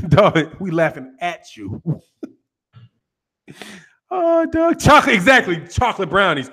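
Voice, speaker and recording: A man's voice: high-pitched, huge pitch swings, slow, long pauses, pushed and bright, slightly rough. An American man hosting a boxing channel, ranting casually with a lot of swearing and laughter. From United States. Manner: profane, teasing, laughs often.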